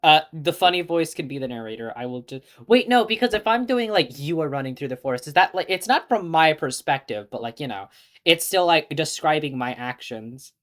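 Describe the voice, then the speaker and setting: A young woman with a low voice streams a visual novel. She chats casually, giggles often and reads the game's narration aloud. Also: expressive, a little fast, fairly bright tone. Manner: giggly, chatty, laughs often. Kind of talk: casual live-stream chat and reading game text aloud.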